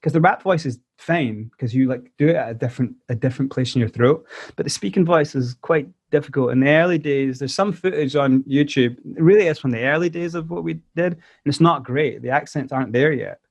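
A man's voice: mid-range voice, fairly quick, breathy edge, no room sound. A man with a Scottish accent, a musician guest telling stories in a casual interview and acting out the voices of the people he quotes. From South Africa. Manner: animated storyteller who acts out quoted voices.

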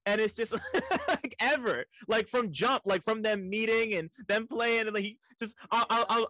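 A young man in casual chat, animated and profane, stammering repeats and laughing often. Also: sits high, unhurried, hardly any pauses, no echo, low-quality recording.

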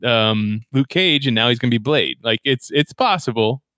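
Male co-host, easygoing and laughing, mid-pitch, dry sound. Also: expressive, moderate pace, sharp tone, no room sound. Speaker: podcast co-host. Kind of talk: casual chat.

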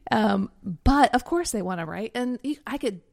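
A woman's voice: on the high side, animated, normal speed, gravelly, a little mellow. A woman in her forties, co-hosting a podcast, telling stories in a reflective, chatty way with many fillers. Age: 40s. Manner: reflective storytelling with frequent fillers and laughs. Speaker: podcast co-host and Enneagram coach. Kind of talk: casual podcast conversation.

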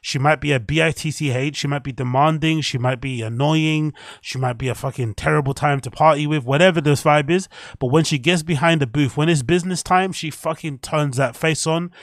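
A man's voice: fairly high pitch, a little fast, no room sound, studio quality. A young man hosting a casual podcast, rambling with strong opinions, swearing and laughing at his own jokes. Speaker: podcast host.

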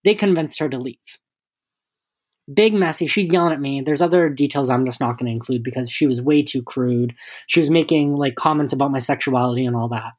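A young man co-hosting a podcast, telling a story in a casual, animated way, cursing freely and acting out the people in it. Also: medium pitch, fairly quick. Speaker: podcast co-host.

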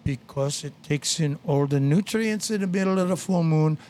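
A man's voice: on the high side, moderate pace, a little mellow. A man hosting a casual radio garden show, telling rambling stories with blunt asides.

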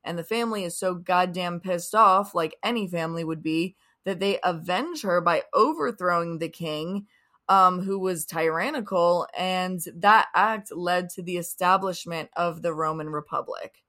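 A woman's voice: lowish voice, normal speed, sharp tone. Rambling, swearing young woman. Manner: rambling, swears freely, trails off and restarts. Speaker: podcast co-host. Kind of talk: casual chat.

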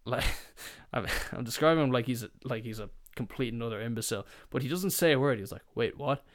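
A man's voice: mid-range voice, fast talker. Sweary young man telling stories. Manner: rambling, sweary, animated with put-on voices. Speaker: podcast host. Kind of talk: casual comedic storytelling.

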